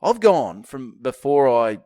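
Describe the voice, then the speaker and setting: Aussie bloke on a podcast, swears a lot, voice jumps all over the place, dry close mic. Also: male voice, mid-range voice, slow pace, dry recording. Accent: Australian. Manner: animated storytelling, swears often. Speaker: podcast co-host. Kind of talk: casual chat.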